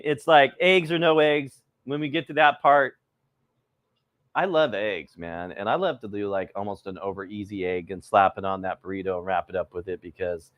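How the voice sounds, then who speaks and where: A man's voice: lowish voice, fairly bright tone, no echo. A middle-aged man hosting a live cooking stream, rambling casually and greeting viewers by name, a little cold.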